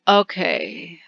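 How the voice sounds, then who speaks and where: A woman's voice: fairly low pitch, a bit bright, slightly rough, no room sound, muffled recording. A woman casually narrating a video game, reading its text aloud with chatty asides and frequent laughs. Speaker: let's-play narrator.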